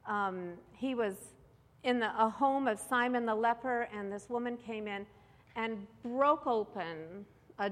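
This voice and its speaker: A woman's voice: medium pitch, a bit bright. A woman tells her own story to a gathering in a frank, self-mocking way, stopping for fillers and little asides. Her voice sits in the middle of the range and rings out with a long hall reverb. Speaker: speaker giving a testimony talk. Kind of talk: personal testimony talk.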